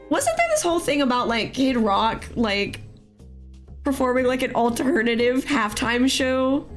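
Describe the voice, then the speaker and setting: A woman with a hoarse voice after an illness, hosting a casual live art class and greeting chat in a sing-song way. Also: high-pitched, lively intonation, moderate pace. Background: soft music.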